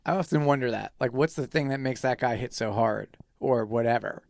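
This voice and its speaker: A man's voice: mid-range voice, a little fast, creaky, dry recording. A man appearing as a musician guest on a podcast, talking in a laid-back, reflective way in a casual studio conversation.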